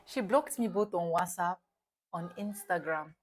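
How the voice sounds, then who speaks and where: A woman's voice: fairly low pitch, measured pace. A young Nigerian woman vlogging, telling a story dramatically and repeating phrases for emphasis. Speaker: YouTube vlogger. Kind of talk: storytelling vlog.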